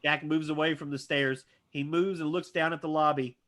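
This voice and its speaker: A man reading stage directions aloud at a live script reading, animated and tossing in asides. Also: a little high, normal speed. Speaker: script reader.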